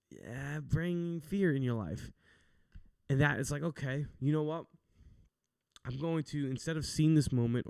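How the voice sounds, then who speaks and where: A man's voice: medium pitch, mellow, smooth, dry recording, studio quality. A young man hosting a casual faith talk show, speaking in an earnest, chatty, encouraging way. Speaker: podcast host.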